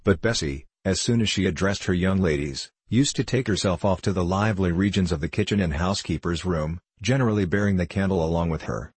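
A man with a low, husky voice reads a classic novel aloud in a measured, steady way. The sound is dry and close, with no room around it. It plays as a calm audiobook narration. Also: no room sound.

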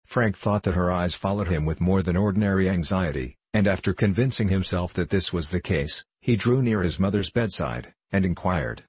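A man narrating a story aloud in a steady, measured reading. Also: low voice, breathy edge, no room sound. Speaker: audiobook narrator. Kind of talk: scripted narration.

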